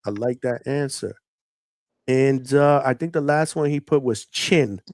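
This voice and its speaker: Guy hosting a live call-in show, upbeat, quick "i like that" type replies, dry close mic. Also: mid-range voice, darkish tone, dry recording. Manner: upbeat, laughs easily, quick affirmations. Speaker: host.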